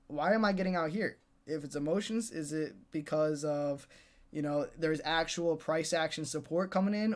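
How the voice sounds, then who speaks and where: A young man coaching day traders in a casual motivational talk, repeating himself and ending points with "right?" and "dude". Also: sits high. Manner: repetitive, pep-talk, tags "right?" and "dude".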